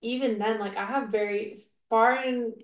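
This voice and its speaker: A woman's voice: fairly high pitch, fairly even intonation, moderate pace, roomy sound, dull audio. A woman co-hosting a casual podcast, reacting and chatting loosely with many fillers. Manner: reactive, chatty, uses "like" often. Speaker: podcast co-host. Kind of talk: casual chat.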